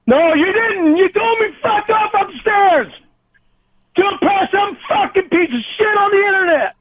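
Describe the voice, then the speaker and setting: Man on the phone, high and strained, sobbing through a jealous, profanity-filled rant; tinny line. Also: expressive, moderate pace, heavy background noise. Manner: jealous, swearing nonstop, accusing. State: crying, voice cracking. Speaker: angry caller.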